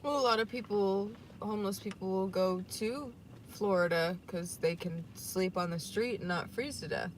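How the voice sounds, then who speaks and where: A woman's voice: medium pitch, normal speed, slight background noise, poor audio. A woman co-hosting a podcast in casual chat, steering the talk and plugging sponsors, recorded in a car. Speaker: podcast co-host.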